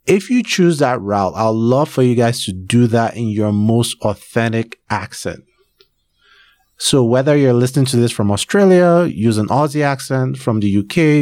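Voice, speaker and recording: A man's voice: mid-range voice, darkish tone, no room sound, studio quality. A man hosting his podcast, talking casually and rambling with many fillers. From Nigeria. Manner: chatty, rambling, with frequent fillers. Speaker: podcast host. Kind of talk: casual solo podcast announcement.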